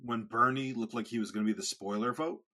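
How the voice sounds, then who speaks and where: A podcast co-host with a medium-pitched, pushed, bright voice talks quickly. In casual chat he rambles and often restarts his sentences.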